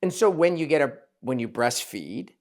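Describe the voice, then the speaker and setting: A man's voice: mid-range voice, lively intonation, moderate pace, a little mellow. A man hosting a podcast as a plastic surgeon, telling patient stories candidly, with casual swearing and acted-out quotes. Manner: candid storyteller, swears, acts out quoted voices. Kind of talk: casual conversation.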